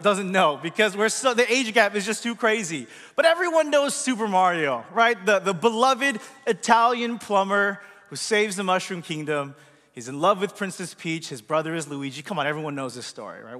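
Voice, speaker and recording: A man's voice: high-pitched, sharp tone. A man giving a conversational sermon as pastor, chatty and asking the congregation questions, in a church hall. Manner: chatty, asks the audience questions. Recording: long reverb of a large hall.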